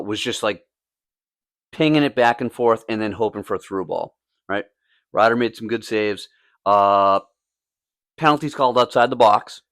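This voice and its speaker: A man who co-hosts a casual podcast and coaches youth soccer tells a story packed with swearing and acted-out quotes. His medium-pitched voice is a bit bright, clear, and resonant, and the studio recording is clean with no room sound.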